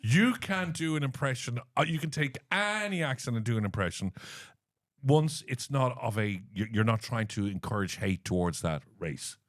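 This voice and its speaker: An Irish man co-hosts a casual podcast. His voice sits at a middle pitch but swoops widely as he jumps in with jokes and playful asides. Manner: animated, jokey, quick to riff. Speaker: podcast co-host. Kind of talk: casual chat.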